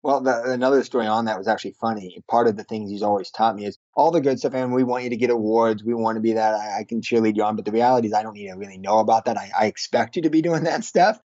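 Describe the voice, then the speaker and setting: A man, a podcast guest and franchise owner, telling animated business anecdotes in a casual interview and acting out the dialogue. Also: lowish voice, quick pace, hardly any pauses, no echo, muffled recording.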